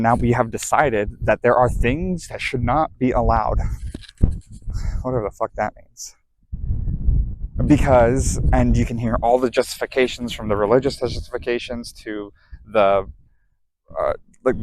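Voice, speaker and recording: A man's voice: medium pitch, a little hiss or hum, rough recording. A man giving a heated, blunt, profanity-laced motivational talk about emotional processing. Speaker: self-help speaker. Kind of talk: motivational monologue.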